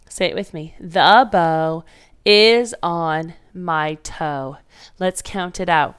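A woman's voice: medium pitch, fairly bright tone, smooth. A woman teaching a phonics lesson to young children, patiently sounding out letters and words.

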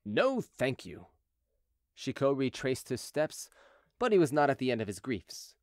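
A man narrating an audiobook in a scripted, expressive reading. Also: medium pitch, normal speed, no echo, studio quality.

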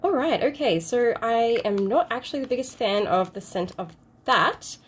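Woman, Australian accent, unboxing vlog, gushing, exclaims a lot, somewhat high voice. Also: expressive, moderate pace, breathy edge. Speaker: unboxing vlogger. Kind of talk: excited unboxing chat.

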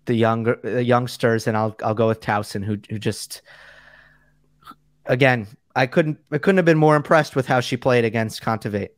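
A man's voice: medium pitch, normal speed, no echo, studio quality. A man appearing as a guest tennis analyst in a casual chat, easygoing and searching for words as he talks. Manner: easygoing, hesitant with fillers and restarts.

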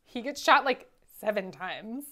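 Woman, podcast co-host, casual chat, fairly high voice, animated, laughing. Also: unhurried. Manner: animated, laughing, trails off mid-sentence. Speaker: podcast co-host, film reviewer.

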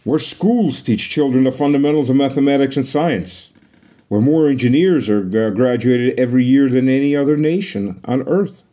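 A man's voice: mid-range voice, normal speed, dark tone. A man, a guest documentary filmmaker, delivering a prepared message as an emphatic string of rhetorical questions.

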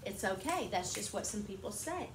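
Teacher in an echoey classroom. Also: female voice, medium pitch, big pitch swings, moderate pace, slight background noise. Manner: patient, explains with examples. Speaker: kindergarten teacher.

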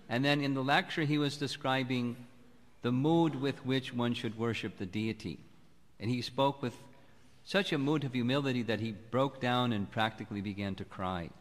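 A man giving a sermon as a spiritual teacher, speaking in a calm, measured, reflective way. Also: mid-range voice. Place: temple hall. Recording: long hall reverb.

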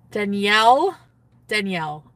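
A woman's voice: medium pitch, fairly bright tone, no room sound, recorded from a distance. Giddy woman livestreaming from a car. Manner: giddy, gushing, reads and answers chat. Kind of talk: casual livestream chat. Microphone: phone.

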